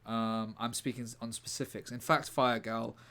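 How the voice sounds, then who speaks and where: A man's voice: medium pitch, level tone, moderate pace, fairly bright tone. Rambling British man, casual stream chat. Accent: British English. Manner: rambling, jokey, chatting to viewers. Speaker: comedian streaming a writing session.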